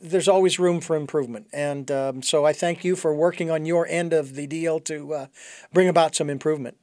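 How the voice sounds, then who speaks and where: A man hosting a conversation, talking haltingly with many fillers and restarts. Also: on the high side, steady tone, a little mellow, no room sound, clean studio sound. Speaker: host. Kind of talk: casual conversation.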